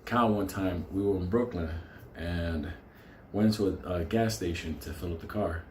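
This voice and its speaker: A man's voice: low-pitched, moderate pace, a little hiss or hum. A man telling profane, laughing stories in a casual monologue as a channel host. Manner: profane, laughing, animated storyteller. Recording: echoey room with faint ambience.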